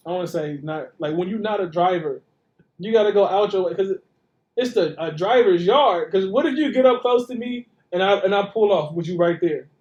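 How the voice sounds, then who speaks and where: A man co-hosting a podcast in casual chat, relaxed and profane, often agreeing with his co-host. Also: high-pitched, brisk. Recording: roomy, dull lo-fi recording.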